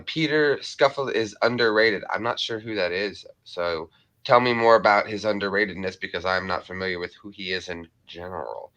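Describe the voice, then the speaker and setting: An upbeat male stream host greets viewers by name and reads out their messages with a jokey edge. His voice is on the low side. It has a strikingly bright, forceful tone. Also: expressive, moderate pace, dull audio. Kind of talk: casual live-stream chat.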